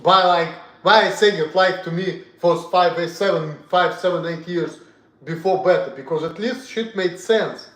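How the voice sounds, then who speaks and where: On a livestream, a young Russian-accented man from Russia vents bluntly and with plenty of swearing, going over the same points and shifting from loud to soft. His pitch sits high and his delivery is a little slow.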